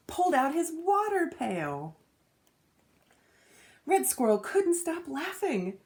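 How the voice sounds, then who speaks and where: Woman, teacher, storybook read-aloud, expressive, slow, sing-song. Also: sits high.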